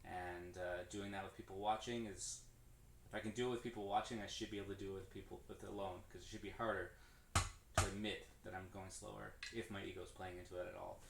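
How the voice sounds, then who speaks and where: A man's voice: sits low, flat delivery, fast talker. A man explaining drum stickings in a loose, rambling way as he practices on a stream, correcting himself and counting hands aloud. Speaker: drummer streaming his practice. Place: room with a drum kit. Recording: echoey room, distant mic, clear background noise.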